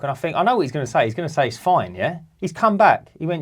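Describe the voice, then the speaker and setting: A man, co-hosting a podcast and telling a long story in a lively, sweary way. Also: a little high, quick pace, hardly any pauses. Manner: animated, swearing, acts out other people's voices. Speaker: podcast co-host. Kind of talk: casual storytelling.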